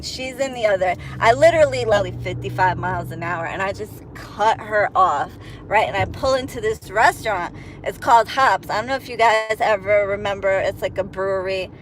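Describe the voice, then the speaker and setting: Profane, animated woman telling a story. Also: fairly high pitch, a little hiss or hum, poor audio. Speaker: vlogger. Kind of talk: storytime vlog. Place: inside a car while driving.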